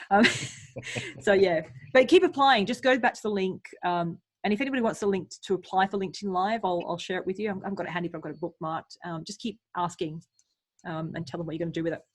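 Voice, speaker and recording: Host: woman, husky, chatty, video call sound. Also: fairly low pitch. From Yorkshire, England. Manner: chatty, quick, lively. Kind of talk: online group meetup.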